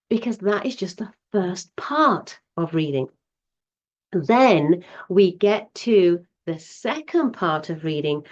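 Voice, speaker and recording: A woman's voice: lowish voice, a little mellow, dull audio. Patient woman explaining like a teacher. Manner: patient, explains step by step with examples, often says okay. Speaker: teacher giving parents advice. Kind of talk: casual explanatory talk to camera.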